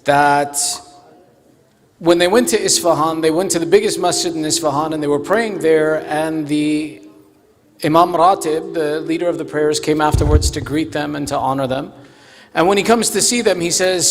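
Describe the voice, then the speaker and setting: A man telling a moral story at a mosque fundraiser in an animated, storytelling way. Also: a little high, normal speed. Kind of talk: storytelling sermon.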